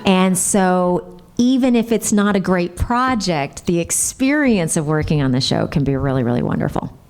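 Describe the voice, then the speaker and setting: A voice actress chatting bubbly and gushing with fans at a convention panel. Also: female voice, lowish voice, expressive, normal speed, darkish tone, clear, resonant tone.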